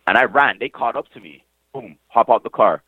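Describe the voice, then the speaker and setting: A man's voice: mid-range voice, fairly quick, slightly rough, no room sound. A young man from Montreal telling his own story in a casual, emphatic way, full of slang, repeated phrases and swearing. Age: young adult. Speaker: interviewee, nephew of the deceased. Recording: tinny phone-line sound, dry.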